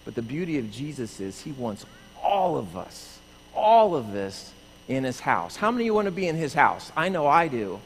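A middle-aged pastor with a breathy, mid-range voice and moderate pace tells a playful story to children in a church sanctuary, animatedly acting out screams. The hall is echoey, with faint room noise in the background.

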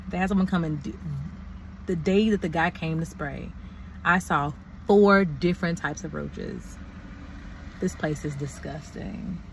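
A woman's voice: sits low, slight background noise. A young woman vlogging and telling a story in a casual, exasperated way, venting with slang. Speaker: doctoral student vlogger.

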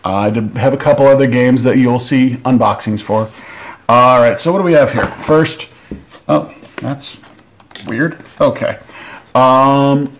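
A man hosting a board game channel, giving casual unboxing commentary with excitable, joking asides. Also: medium pitch.

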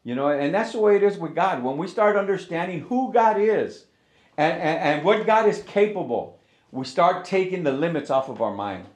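A man's voice: high voice, expressive, moderate pace, reverberant. A middle-aged male pastor preaching conversationally, acting out inner dialogues and often repeating words as he restarts. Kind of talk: sermon.

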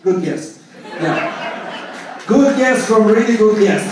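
Russian-accented party mc guy, really high voice, jokey quiz host, booming echoey hall, sounds far off. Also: expressive, slow, background noise. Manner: jokey, playful, switches between English and Russian. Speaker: party MC running a trivia game. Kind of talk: party hosting, quiz questions to guests. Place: banquet room at a hotel party.

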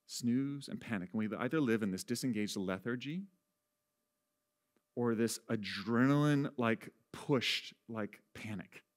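A man preaching a sermon as pastor, conversational and self-deprecating, often laughing at himself, and swinging from quiet, hushed lines to loud, raised ones. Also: medium pitch, measured pace.

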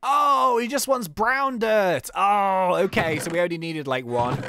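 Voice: medium pitch, lively intonation, unhurried, a bit bright, a little hiss or hum. A video game host giving chatty, self-mocking let's play commentary with lots of laughs.

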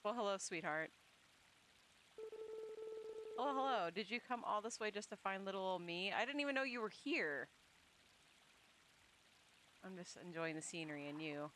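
A woman's voice: mid-range voice, animated, normal speed, pauses often, a bit bright, slight background noise, lightly acted. Sweet flirty village wife, read by a woman.

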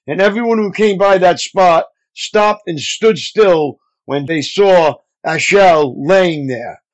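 A male pastor reading scripture aloud in a measured, phrase-by-phrase way. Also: high voice. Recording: dull lo-fi audio.

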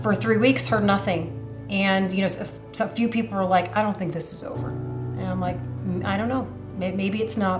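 A woman's voice: mid-range voice, reverberant. A woman in her thirties telling her personal faith story in an interview, earnest and emotional, with many fillers. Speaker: church member sharing her testimony.

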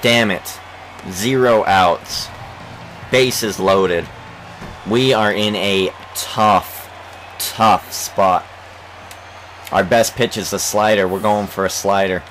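A young man giving let's play commentary on a baseball game, swearing and shouting in frustration at his team. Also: on the low side, fairly even intonation, slow pace, pauses often, slight background noise, low-quality recording. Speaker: gaming channel host.

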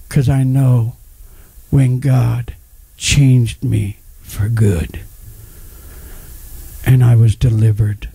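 A man's voice: medium pitch, fairly even intonation, extremely slow, pauses often, mellow, husky, no room sound. A middle-aged man preaching a sermon as pastor, sharing his own testimony and calling on the congregation to respond. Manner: personal testimony, emphatic, calls on the congregation.

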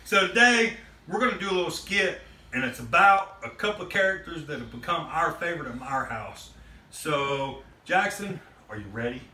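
Animated dad playing toys with his son. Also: fairly high pitch, moderate pace. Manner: animated and joking. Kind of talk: playful toy play narration. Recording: echoey room, far mic, loud music.

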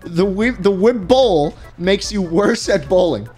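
A young man giving crude, excitable gameplay commentary and yelling at the game. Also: high-pitched, takes it slowly, faint music behind. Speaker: streamer.

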